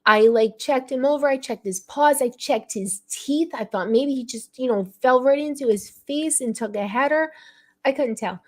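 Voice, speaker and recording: Live-stream host, woman, tearful and upset, rambling storyteller, slightly high voice. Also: normal speed. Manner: rambling, emotional, with frequent fillers and throat clearing.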